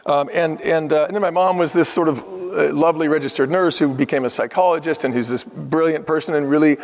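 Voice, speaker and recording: A man's voice: fairly high pitch, brisk. A man in his fifties, a guest on a podcast, telling stories earnestly and with emphasis in a conversational interview. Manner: earnest, emphatic storytelling that acts out the people he quotes. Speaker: podcast guest, former restaurant chief executive. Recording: long hall reverb.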